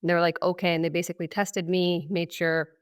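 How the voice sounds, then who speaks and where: A woman in her thirties from Syria tells her story as a podcast guest. Her voice sits slightly low and comes across smooth and clean. She talks casually and reflectively, leaning on plenty of fillers. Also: little pitch movement, quick pace. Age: 30s. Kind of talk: personal testimony in conversation.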